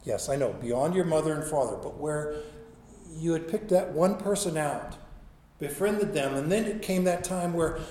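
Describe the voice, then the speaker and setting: A man's voice: a little high, animated, normal speed, warm tone. A man preaching a sermon as a pastor, telling stories and acting out quoted speech, often repeating words as he goes. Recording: echoey room sound.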